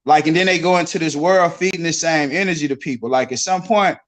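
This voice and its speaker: A man's voice: on the high side, quick pace. A man hosting a casual talk show, speaking loosely with lots of repeats and "bro". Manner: loose, repetitive, says bro a lot. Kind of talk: casual chat.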